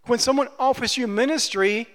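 High-voiced preacher in a reverberant hall. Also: male voice, normal speed, fairly bright tone. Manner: emphatic, repeats phrases for stress. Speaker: pastor. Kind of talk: conversational sermon. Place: church. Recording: long church-hall reverb.

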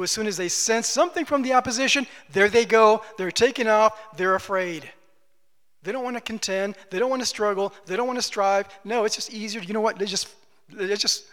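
A man's voice: sits high, fairly bright tone. A man preaching a sermon as pastor, exhorting with emphatic repetition, in a long church reverb.

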